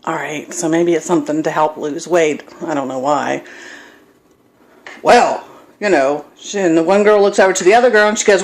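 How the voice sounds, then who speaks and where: In her home kitchen, a middle-aged woman films a relaxed cooking vlog with her phone camera, wandering off into self-mocking tales. Her lowish voice moves at a moderate pace, broken by long pauses.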